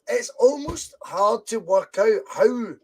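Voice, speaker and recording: Male podcast co-host, slightly high voice, animated and sweary in casual chat. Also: slow, husky. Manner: animated storyteller who swears freely.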